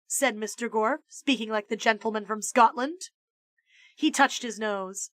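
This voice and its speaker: Bright, slow-paced woman reading aloud. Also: no room sound. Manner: animated, jumps into high character voices. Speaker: streamer reading a children's book. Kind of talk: expressive read-aloud storytelling.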